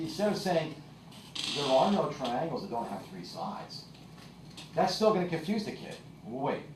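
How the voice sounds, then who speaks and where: A man's voice: a little high, a little mellow, a little hiss or hum. A male teacher giving a classroom lecture, explaining with examples and often checking in with "okay?". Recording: echoey classroom, voice from far off.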